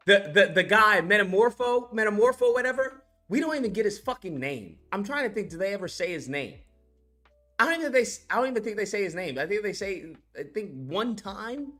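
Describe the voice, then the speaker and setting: A film commentary YouTuber in an excitable, profane movie-review rant who keeps acting out scenes as they talk. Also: mid-range voice. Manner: excitable, swears freely, acts out scenes.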